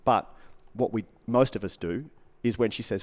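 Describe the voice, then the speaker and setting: A man's voice: on the low side, quick pace, a little mellow. A man, a guest coach giving earnest advice in casual podcast talk, repeating short punchy phrases.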